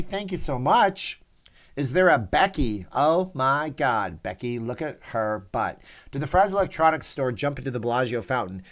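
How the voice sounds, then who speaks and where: A middle-aged man hosting a casual livestream, chatting and reading viewer comments in a rambling, self-mocking way, swinging between loud and soft. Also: medium pitch. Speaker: livestream host. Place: Las Vegas.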